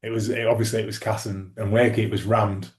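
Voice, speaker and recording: Man, thirties, lowish voice, interview guest, rambling anecdotes, lots of fillers. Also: flat delivery, fast talker. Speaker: guest, former rugby league player. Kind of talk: casual interview storytelling.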